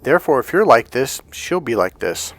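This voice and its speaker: A man's voice: medium pitch, sing-song, normal speed, faint music behind. A man coaching other men on dating in a casual monologue, blunt and profane, and he mocks people with put-on voices.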